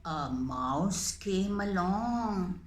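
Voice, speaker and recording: A woman teaching children how to make paper puppets and telling them a story, in a gentle, instructive manner. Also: lowish voice, animated, roomy sound, very noisy. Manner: slow, gentle, instructive, sing-song. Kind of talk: craft tutorial for children.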